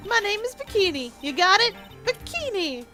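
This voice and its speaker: A woman's voice: very high-pitched, very animated, moderate pace, over music, voice pushed up. Woman putting on a chirpy old head nun.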